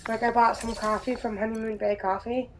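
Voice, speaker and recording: A woman's voice: fairly high pitch, flat delivery, brisk, a little hiss or hum, rough recording. A woman streamer in casual let's-play chat, rambling and chatty with lots of "like".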